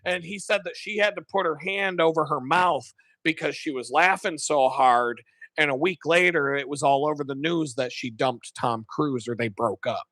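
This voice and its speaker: A man on a live stream, telling stories in casual, profane, animated talk. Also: on the high side, normal speed, no room sound. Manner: profane, animated, laughs often. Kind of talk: casual storytelling.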